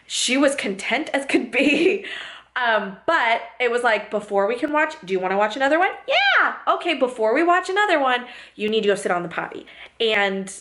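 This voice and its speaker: A woman's voice: fairly high pitch, animated, brisk, a bit bright. A young woman vlogging in casual chat, chatty, laughing often and putting on voices when she quotes people.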